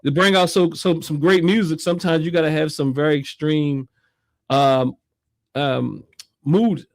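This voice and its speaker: A man with a notably high voice hosts a casual call-in talk show. He tells stories with energy, laughing as he goes and acting out other people's words. His voice sits close and dry, with no room sound. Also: a little slow, no room sound. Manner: animated storyteller, laughs often, acts out quotes. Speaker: host.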